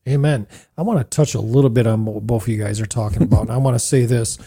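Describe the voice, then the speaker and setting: Gravelly, husky man hosting a church podcast. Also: medium pitch, fast. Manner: animated, playful, asks rhetorical questions. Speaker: host.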